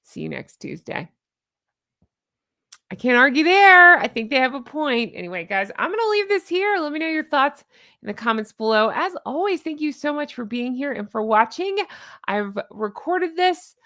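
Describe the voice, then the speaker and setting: Woman, vlogger, sarcastic, animated, rambling, fairly high voice, dry close mic. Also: normal speed, no room sound. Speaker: commentary channel host. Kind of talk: casual reaction commentary. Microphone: own microphone.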